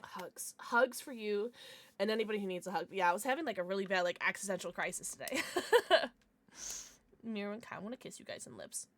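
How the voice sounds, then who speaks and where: A woman's voice: mid-range voice, fast talker, a bit bright, no echo. A young woman livestreamer chatting casually with her viewers, giggly and rambling, with lots of restarts and fillers.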